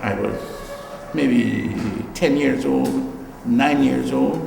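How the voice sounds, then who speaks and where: An older man from Guyana, an artist giving a relaxed gallery talk, musing and repeating phrases with animated exclamations. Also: mid-range voice, extremely slow, creaky, roomy sound, in a large hall, noisy background. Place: gallery room.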